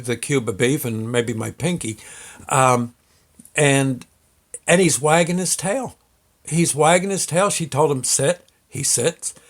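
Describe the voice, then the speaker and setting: A man hosting his own show, telling a personal story in a rambling, folksy way with many fillers and restarts. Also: medium pitch. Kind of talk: casual storytelling.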